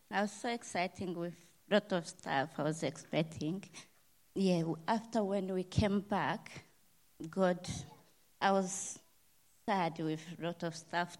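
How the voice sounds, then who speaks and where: A middle-aged woman giving a church testimony, halting and searching for words, with non-native grammar. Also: lowish voice, a little mellow, rough recording.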